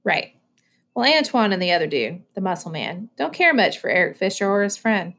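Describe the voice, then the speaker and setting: A woman doing a calm fearless teen boy. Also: mid-range voice, brisk. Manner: calm, matter-of-fact.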